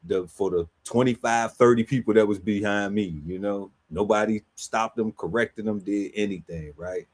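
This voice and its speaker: Guy on a podcast panel, kinda low voice, telling a story, laughs a lot, slangy. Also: normal speed, hardly any pauses. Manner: animated, laughs often, slangy, acts out quotes. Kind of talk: casual storytelling chat.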